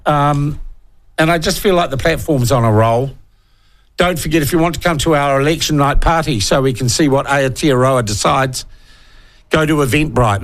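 A man with a New Zealand accent hosting a talk radio show, speaking bluntly and sarcastically, swearing casually and reading out listener messages. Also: on the high side. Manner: reads listener messages aloud. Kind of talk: opinionated talk radio monologue.

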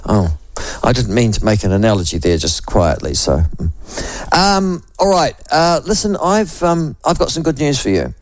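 A man in his sixties with a New Zealand accent, hosting a talk radio show with a voice hoarse from a cold, rambling and chatty with many restarts. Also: medium pitch, animated, moderate pace, no echo. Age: 60s. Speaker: radio host. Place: radio studio.

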